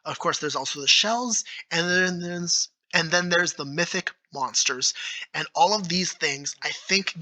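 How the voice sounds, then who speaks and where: A YouTube creator talks solo, eagerly explaining the rules of his own tabletop game and thinking out loud with fillers and restarts. His voice is on the high side, and the recording is rough.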